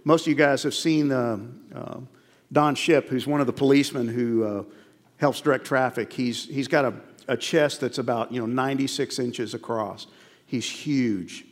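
A man's voice: medium pitch, fairly even intonation, normal speed. A male pastor preaching a sermon, earnest and emphatic, repeating key phrases and telling stories to make his point. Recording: long reverb of a large hall.

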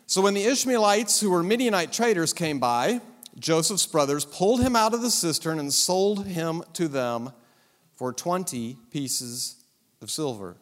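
Preacher, high animated voice, wry storyteller, church hall reverb. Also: male voice, measured pace. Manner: humorous, dramatic storytelling. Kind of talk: sermon.

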